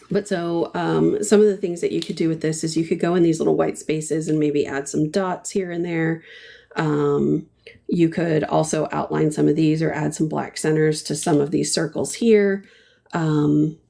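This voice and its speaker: A middle-aged woman hosts a casual live painting lesson, chatting with her viewers as she works. Her voice sits low with a gravelly fry, and she talks slowly and unhurriedly. She fills pauses with ums and answers viewers' comments between steps. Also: darkish tone. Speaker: painting instructor.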